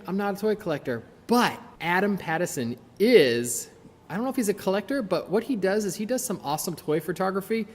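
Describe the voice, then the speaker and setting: A man's voice: sits high, big-room sound. A man hosting his own podcast, chatting casually and enthusiastically as he unboxes toys. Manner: chatty, enthusiastic, self-deprecating. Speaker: podcast host.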